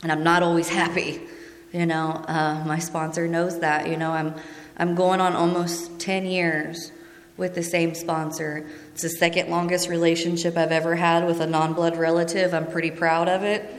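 A woman speaks candidly to a gathered group, talking in a slightly low voice. Her manner is earnest and conversational, and she often turns to the listeners with questions. Her voice carries a long hall reverb from a roomy space. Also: level tone, normal speed. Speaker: speaker sharing at a recovery meeting. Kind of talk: personal testimony to a group. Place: meeting room.

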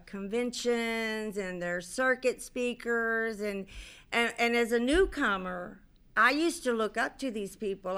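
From a convention stage, a middle-aged woman tells her personal story at a recovery convention in a bright, sharp-edged, clean voice pitched fairly high. She's candid and loose, rambling through fillers and restarts with the occasional casual curse.

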